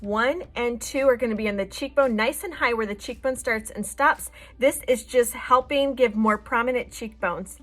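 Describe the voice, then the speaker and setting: A woman's voice: a little high, normal speed, hardly any pauses. Chatty woman giving a makeup tutorial. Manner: chatty, reassuring, explains each step. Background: faint background music.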